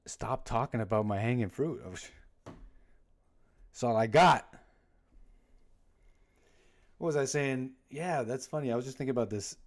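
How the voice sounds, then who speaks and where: A man's voice: mid-range voice, fairly quick. A man hosting a livestream, chatting casually and rambling, often breaking off his own stories with jokes. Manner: rambling, self-interrupting, jokey. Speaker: livestream host.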